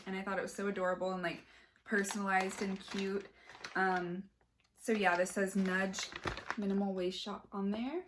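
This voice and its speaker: A young woman from Sacramento talks to her camera about a shop haul. She rambles in a loose, chatty way, full of "like" and "um", with a voice of ordinary pitch for a woman. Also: slight background noise. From Sacramento, California. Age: young adult. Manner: chatty, rambling, lots of fillers and "like". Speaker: vlogger. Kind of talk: casual haul vlog.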